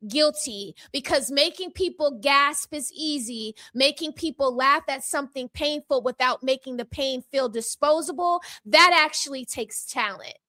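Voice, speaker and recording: A high-pitched woman with a bright, forceful voice, delivering a heated vlog commentary. She talks in a sassy, emphatic way, handing out verdicts like a mock courtroom. Her sound is close and dry, with no room echo. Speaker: channel host. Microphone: microphone.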